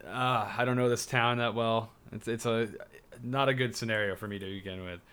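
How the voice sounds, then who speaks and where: A man's voice: mid-range voice, fairly even intonation, fairly quick, bright, forceful tone, clean tone. A young man in casual chat, rambling through a story with lots of fillers and swearing.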